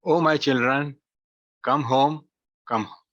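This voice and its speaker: A man slowly reciting a poem aloud at a virtual poetry meet, in a measured, deliberate way. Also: mid-range voice, steady tone, a bit bright. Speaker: poetry reader. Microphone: video call. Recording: muffled video call audio.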